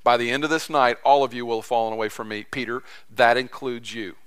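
A man's voice: mid-range voice, steady tone, fast, fairly bright tone, clear, resonant tone, close to an everyday voice. A man voicing Jesus as a firm man bluntly telling a disciple he is never wrong. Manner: blunt, matter-of-fact, emphatic. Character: Jesus, firm adult man stating facts.

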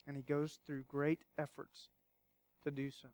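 A man pastor preaching a sermon, emphatic at times and hushed at others, asking rhetorical questions. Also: fairly high pitch, completely flat delivery, measured pace.

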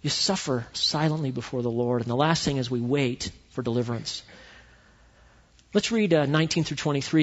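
A male pastor preaching a sermon in a church, telling the story with animated swings between loud and quiet delivery. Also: mid-range voice, normal speed. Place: church sanctuary. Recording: echoey hall, dull lo-fi sound.

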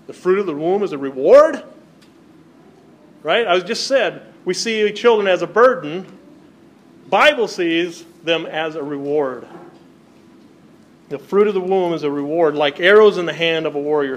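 A male pastor with a fairly high voice speaks at normal speed as he preaches a sermon. He reads Bible passages aloud and then explains them to his congregation.

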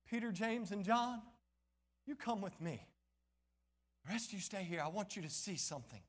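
A man preacher voicing the Lord as a calm, commanding man who speaks low and hushed. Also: normal speed, in a large hall.

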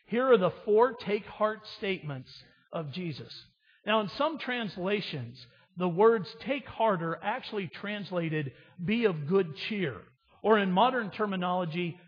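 A man's voice: high-pitched, animated, normal speed, husky. Man preaching a dramatic sermon in a hall. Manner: dramatic storytelling, swings between loud emphasis and hushed reading. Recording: dull reverberant hall sound.

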